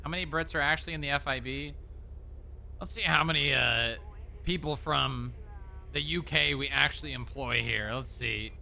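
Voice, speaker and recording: A man's voice: mid-range voice, normal speed, vocal fry, bright, forceful tone, a little hiss or hum. A man streaming in-character role-play chat, joking and swearing casually. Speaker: streamer playing an agent.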